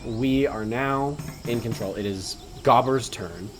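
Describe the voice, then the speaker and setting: A man's voice: mid-range voice, unhurried, a little hiss or hum. Easygoing man explaining game rules. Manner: easygoing, thinks aloud with ums. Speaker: let's play host.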